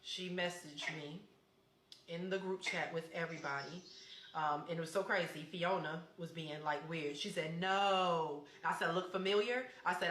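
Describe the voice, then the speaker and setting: A woman telling a personal story in casual chat, animated and reading out text messages. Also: fairly low pitch, echoey room.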